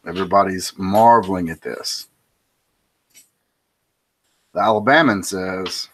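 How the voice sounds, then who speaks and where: Low-voiced man rambling through a joke. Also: normal speed, a bit bright. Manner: rambling, with restarts and self-commentary. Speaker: host. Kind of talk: casual monologue telling a joke.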